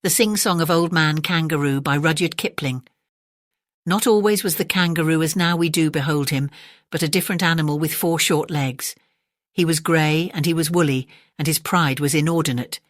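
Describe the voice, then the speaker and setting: A woman narrates a bedtime story with a low, calm voice. She reads the repeated refrains in a rhythmic, chant-like way. The recording is dry and close. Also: moderate pace, no echo.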